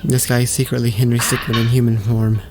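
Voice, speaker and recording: A gaming YouTuber doing let's play commentary, exasperated and talking back at the game, lurching between yelling and muttering. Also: mid-range voice, flat delivery, fast talker, very noisy. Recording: voice with game music playing. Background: game music.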